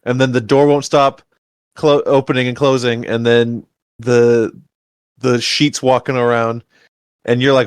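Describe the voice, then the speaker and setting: A man's voice: mid-range voice, measured pace, long pauses, clear, resonant tone, no echo, studio quality. A man co-hosting a podcast, chatting casually about a movie rewatch and acting out scenes with jokey voices. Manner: animated, acts out characters with jokey voices. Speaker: podcast co-host.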